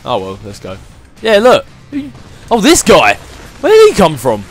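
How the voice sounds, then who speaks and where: A man chatting excitably through his let's play commentary as he plays a video game, thinking aloud as he goes. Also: a little high, unhurried, faint music behind. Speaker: gaming channel host.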